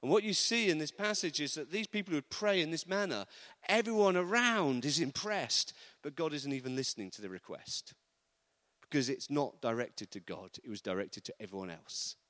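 A man preaching a sermon, animated, acting out quotes with humorous asides. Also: on the high side, moderate pace. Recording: long reverb of a large hall.

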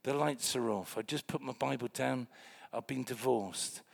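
Gravelly, animated male preacher. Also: medium pitch, normal speed. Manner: animated, swings from quiet to loud. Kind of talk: sermon with storytelling.

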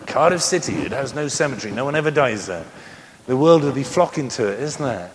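Joking preacher in a reverberant hall. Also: male voice, mid-range voice, brisk. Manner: animated, joking storyteller with many amens. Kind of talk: sermon. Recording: reverberant hall with faint noise.

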